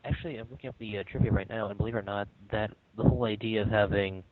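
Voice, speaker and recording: Low male co-host on a tinny line. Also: steady tone, racing. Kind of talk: casual podcast chat.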